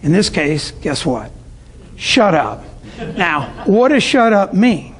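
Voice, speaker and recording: A man's voice: high-pitched, sing-song, unhurried. A middle-aged man from Tampa, Florida, speaking to business owners in a storytelling sales talk and acting out his customers' voices. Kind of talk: sales talk to a live audience.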